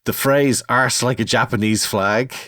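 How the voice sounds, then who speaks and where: A middle-aged man hosting a casual podcast chat, telling lively stories. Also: mid-range voice, unhurried, dry recording, studio quality. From Ireland. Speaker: podcast host.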